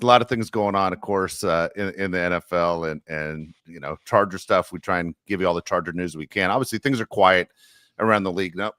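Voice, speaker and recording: A man's voice: low-pitched, fairly bright tone, no echo, clean studio sound. A man hosting a casual sports podcast, joking and rambling with plenty of fillers. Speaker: podcast host.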